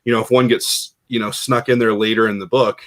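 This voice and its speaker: Rambling low-pitched man chatting. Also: level tone, brisk. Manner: rambling, heavy on "you know" and "like". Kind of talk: casual panel chat.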